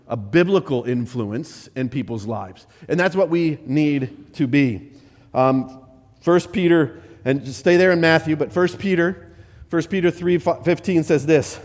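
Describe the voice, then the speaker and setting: A man preaches in a church with a long, ringing reverb around his voice. His voice sits a little high for a man, and he talks in an easy, conversational way. He restarts his phrases and checks in with the congregation as he goes. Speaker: missionary pastor. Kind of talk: sermon. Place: church sanctuary.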